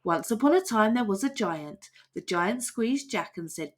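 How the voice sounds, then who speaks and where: A woman reading a children's picture book aloud, with expressive narration. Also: medium pitch, normal speed, few pauses. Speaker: storybook reader.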